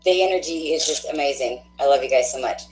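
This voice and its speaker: A woman hosting a live tarot stream, chatting casually with viewers, effusive and quick to laugh, thinking aloud with fillers. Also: sits low, darkish tone, echoey room, faint music behind, low-quality recording.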